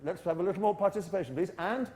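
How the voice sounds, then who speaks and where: A British man leading an English-teaching workshop in a university hall, animated and self-correcting as he drills a large audience with quick asides. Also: sits high, very noisy.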